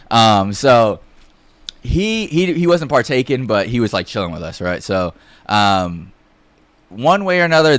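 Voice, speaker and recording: A man's voice: on the low side, smooth, dry recording. Young man telling a rambling story. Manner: rambling, heavy fillers and profanity. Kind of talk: casual storytelling.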